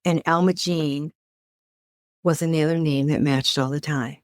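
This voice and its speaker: A woman's voice: low-pitched, steady tone, unhurried, no echo, studio quality. A middle-aged woman, a podcast guest, earnestly recounting a personal story with emphatic, vivid detail.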